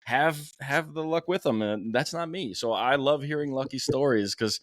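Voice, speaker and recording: A man hosting a podcast interview, chatty and enthusiastic and quick to laugh. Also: mid-range voice, no echo, clean studio sound. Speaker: podcast host. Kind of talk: casual interview chat.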